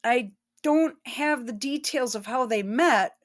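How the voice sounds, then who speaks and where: A woman's voice: a little high, slow pace. A woman giving blunt, profane and emotional commentary while reacting to news clips. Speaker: online commentator.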